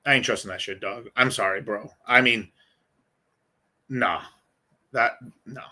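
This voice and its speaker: A man's voice: lowish voice, unhurried, sharp tone. A male host answering viewer questions in a casual livestream, rambling, blunt and full of profanity.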